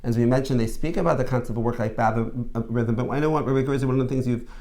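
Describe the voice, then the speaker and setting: A man's voice: mid-range voice, racing, a little mellow. A man hosting a conversational discussion, earnest and summing up points, with frequent restarts and filler phrases. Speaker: host.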